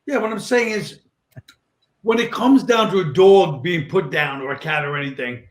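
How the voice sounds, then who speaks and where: A man telling a dark story in a deadpan, casual way. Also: high voice, moderate pace. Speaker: comedian guest.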